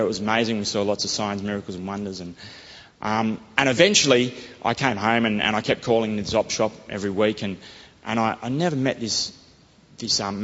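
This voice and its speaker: A man with a lowish, fairly bright voice gives a rambling faith testimony as an interviewee, recorded in an echoey hall on a dull lo-fi mic. He's enthusiastic and conversational in his storytelling, constantly saying "you know" and "um."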